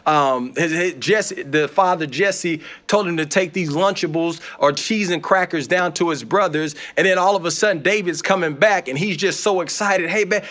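High-voiced encouraging preacher. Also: male voice, normal speed, hardly any pauses, fairly bright tone. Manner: conversational, encouraging, playful asides. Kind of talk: sermon.

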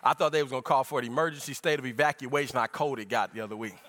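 A man's voice: medium pitch, very fast, fairly bright tone. A pastor preaching a sermon to his church, speaking folksy and direct to the congregation, at times lifting into sung tones.

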